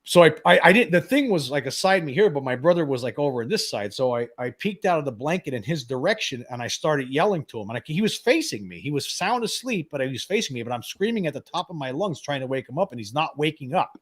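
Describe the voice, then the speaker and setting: Man telling his story in halting bursts. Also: a little high, sing-song. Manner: halting, many restarts and repeats. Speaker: guest. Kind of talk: recounting a personal experience.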